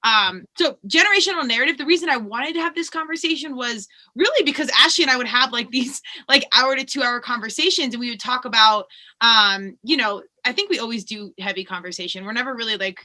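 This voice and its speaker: A woman podcast host with a bright, forward voice that sits a little high. She talks in a bubbly, animated way, laughs easily, and keeps a casual conversation moving. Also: fast. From Colorado, USA.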